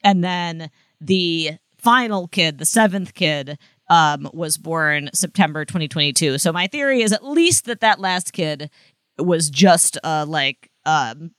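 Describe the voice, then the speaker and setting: A woman's voice: low voice, expressive, measured pace, a bit bright, dry recording. A woman co-hosting a podcast, chatting casually and rambling with lots of fillers and restarts. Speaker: podcast co-host. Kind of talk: casual gossip chat.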